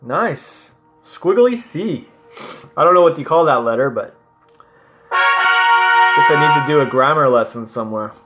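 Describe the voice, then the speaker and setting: Over loud music, a man with a fairly high pitch and lively intonation slowly sounds out French words. He's a language learner vlogger making casual, playful remarks on his app lessons and laughing at himself along the way.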